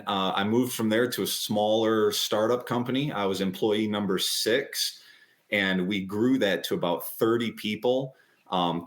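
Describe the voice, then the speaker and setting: Chatty lower-voiced man telling his story. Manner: chatty and animated; quick, lively retelling with acted-out quotes. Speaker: guest. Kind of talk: casual storytelling interview.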